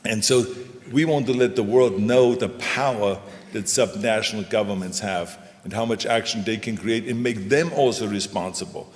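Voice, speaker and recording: A man's voice: on the low side, normal speed. An older man, a former governor, speaking as the guest in an onstage conversation, emphatic and folksy, hammering home short punchy phrases. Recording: echoey hall.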